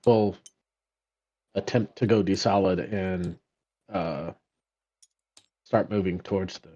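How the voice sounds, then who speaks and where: A man speaks slowly and hesitantly as a tabletop player, his fairly low voice full of ums and uhs. It comes over a slightly muffled line. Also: fairly even intonation, mellow. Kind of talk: casual tabletop game talk.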